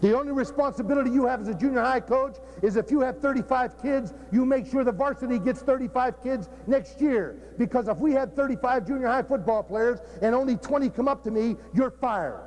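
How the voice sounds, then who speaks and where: A man's voice: very high voice, brisk, few pauses, a little mellow. A man who is a football coach, giving a joking, blunt, profane talk at a coaching clinic. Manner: blunt and profane, cracking jokes.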